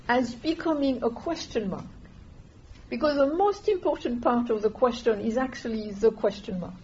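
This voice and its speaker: A woman, gently guiding a meditation class in an unhurried, soft-spoken way. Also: fairly high pitch. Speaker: meditation teacher. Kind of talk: calm meditation instruction. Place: meditation hall with listeners. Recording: dull lo-fi room recording with faint hiss.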